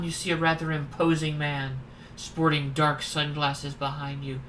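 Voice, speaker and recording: A streamer reads the narration of a horror dating game at a steady pace, mixing in wry, irreverent remarks. The voice is bright and clear. Faint background ambience stays under it throughout. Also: medium pitch, a little slow, hardly any pauses, slight background noise, poor audio. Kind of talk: playing a dating sim, reading narration and commenting.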